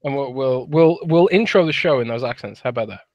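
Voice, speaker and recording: A man's voice: medium pitch, quick pace, darkish tone, dry recording, muffled recording. A British man in his thirties co-hosting a podcast, chatty and working out his thoughts as he talks. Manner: chatty, thinks aloud in restarts. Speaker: podcast co-host. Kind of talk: casual podcast chat.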